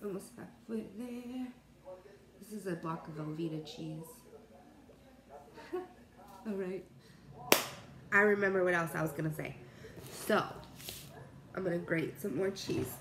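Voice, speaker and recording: A woman's voice: lowish voice, unhurried, pauses often, background noise. A young pregnant woman chatting casually to her camera while cooking in her home kitchen, rambling and laughing often. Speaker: cooking vlogger.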